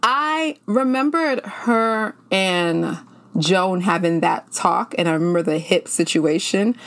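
A woman co-hosting a podcast, talking through a sitcom in casual, candid, slangy chat. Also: mid-range voice. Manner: candid, slangy, quick reactions. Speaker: podcast co-host.

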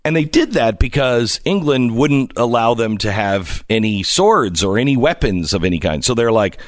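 A man's voice: moderate pace, hardly any pauses, dry recording, studio quality. A man hosting a talk radio show, joking around with his guests and reading ads live. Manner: animated, jokey, swings his pitch widely. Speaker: radio host.

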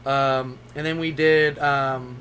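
Young guy rambling on a podcast, swears a lot, bright voice, a little faint hiss. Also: mid-range voice, steady tone, slow. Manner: loose, profane storytelling with laughs. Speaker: podcast co-host. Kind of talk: casual chat.

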